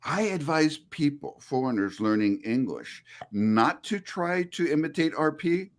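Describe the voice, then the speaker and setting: A man's voice: on the high side, a little slow. A middle-aged man, a linguistics professor, talking in an interview over a video call, explaining with frequent restarts. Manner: animated, many restarts, explanatory. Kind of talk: conversational interview.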